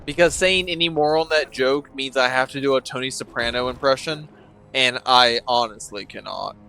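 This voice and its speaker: A man's voice: medium pitch, normal speed, sharp tone. A man casually commenting on gameplay, rambling and joking at his own expense. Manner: rambling, joking, self-deprecating. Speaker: let's play streamer.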